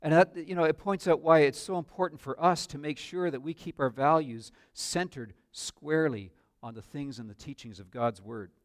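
An older man preaching a sermon as a pastor, earnest, with sudden swells and drops in loudness. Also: on the high side, normal speed, few pauses, no echo, clean studio sound.

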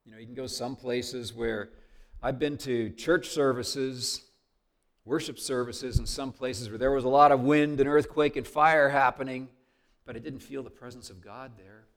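A man preaching a sermon in an earnest, conversational way. He leans into key words with extra volume, then drops almost to a hush, with a medium pitch throughout. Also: steady tone, moderate pace. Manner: earnest, conversational, swings from loud to hushed. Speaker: pastor.

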